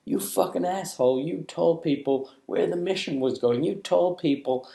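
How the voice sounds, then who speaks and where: A man's voice: a little high, moderate pace, creaky, echoey room, pitched above the performer's own voice. A man doing a furious military official. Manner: yelling insults.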